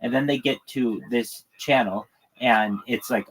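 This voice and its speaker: A man's voice: medium pitch, normal speed, rough recording. A man telling a rambling, profanity-laced story in a casual livestream monologue.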